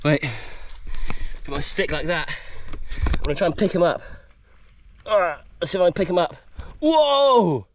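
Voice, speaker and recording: A man vlogging while he hunts food outdoors on a tropical island, excitable and out of breath, exclaiming as he narrates. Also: a little high, moderate pace, pauses often, a little hiss or hum. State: out of breath, sweating. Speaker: bushcraft vlogger. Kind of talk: excited handheld outdoor vlog.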